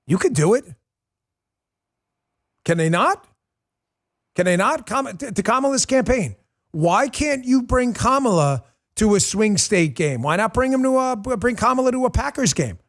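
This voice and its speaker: A man in his forties hosting a live political stream, blunt and emphatic, ranting at viewers. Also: sits high. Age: 40s. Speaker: political show host.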